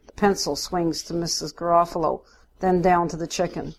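A woman narrating a first-person story in a steady, unhurried way. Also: fairly low pitch.

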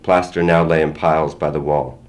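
An older man reading his own first-person story aloud in a plain, measured way. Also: extremely low pitch, fairly even intonation. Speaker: memoir reader.

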